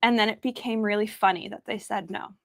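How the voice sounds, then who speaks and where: A woman's voice: medium pitch, steady tone, a little fast, no room sound, studio quality. A woman hosting a casual chat, talking freely with many fillers. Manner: chatty, many fillers and laughs. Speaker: podcast host.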